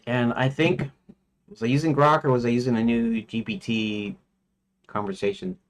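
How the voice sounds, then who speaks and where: A man's voice: medium pitch, fairly even intonation, normal speed. A man streaming his game development, talking casually and thinking aloud as he works, rambling and talking to himself. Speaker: indie game developer livestreaming.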